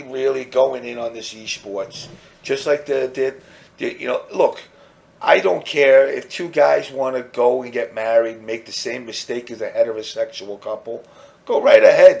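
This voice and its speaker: A man's voice: medium pitch, gravelly. A man hosting a casual podcast, ranting crudely and rambling while mocking others in put-on voices. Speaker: podcast host.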